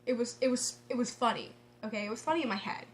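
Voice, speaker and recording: Woman, high voice, casual vlog storytelling, excitable, laughs a lot, restarts sentences. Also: fast, a little hiss or hum. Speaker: vlogger.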